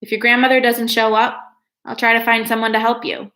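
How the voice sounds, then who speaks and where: A woman's voice: on the high side, little pitch movement, fairly quick, sharp tone, pitched above the performer's own voice. A woman voicing a nasal, impatient woman working an airport desk, in a storybook reading. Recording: echoey room.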